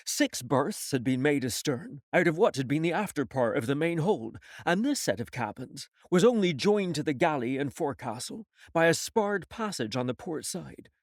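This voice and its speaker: A man reading an audiobook in a measured storytelling manner. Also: a little high, a little mellow, no echo, clean studio sound. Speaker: audiobook reader. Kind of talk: audiobook narration.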